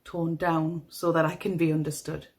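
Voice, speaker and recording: A woman with a toned-down Northeast English accent narrating a true crime story in a measured, somber manner. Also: sits low, level tone, darkish tone, low-quality recording. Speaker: podcast host.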